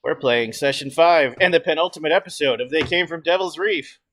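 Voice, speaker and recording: A man's voice: a little high, fairly quick, a bit bright, slight background noise. A man hosting a tabletop horror game as its director, opening with theatrical spooky narration. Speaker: game master.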